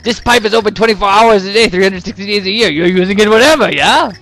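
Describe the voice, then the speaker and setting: A man's voice: sits high, fast, fairly bright tone, soft background music. A man voicing a cheery male construction worker with a corny put-on German accent and broken English, tagging lines with "yeah?". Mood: boastful.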